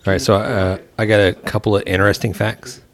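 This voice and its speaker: A man co-hosting a podcast with dry, deadpan humor in casual chat. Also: on the low side, a little fast, a crowd in the background. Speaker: podcast co-host.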